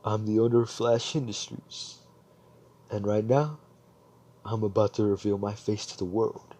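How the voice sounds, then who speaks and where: A man's voice: on the low side, steady tone, a little slow, mellow. A man voicing a smug, polite teenage boy genius billionaire, close to his own voice.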